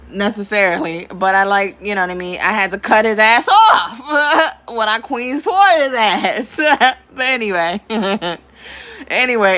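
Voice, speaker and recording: A woman vlogging in a casual, storytelling rant, with a bright, forceful edge to her voice. She talks animatedly, breaks into laughter often and curses without holding back. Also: medium pitch. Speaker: spiritual vlogger.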